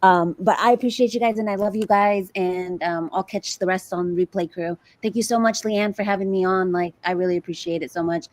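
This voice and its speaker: A woman guest on a casual online panel, friendly and hurried as she signs off. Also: mid-range voice, steady tone, darkish tone.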